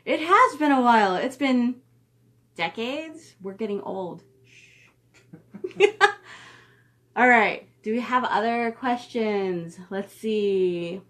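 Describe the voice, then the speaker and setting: A woman's voice: fairly high pitch, animated, takes it slowly, pauses often, fairly bright tone. Chatty middle-aged woman on a livestream. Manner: chatty, reads viewer comments aloud and coos at her dog. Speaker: author hosting a live stream. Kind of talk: casual live-stream chat. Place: at home.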